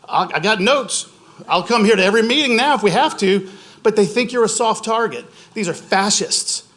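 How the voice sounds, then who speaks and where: Impassioned high-voiced man at a meeting. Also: fairly bright tone. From Louisiana. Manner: impassioned, storytelling, laughing at times. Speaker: public commenter. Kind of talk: public comment at a board meeting. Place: public meeting room.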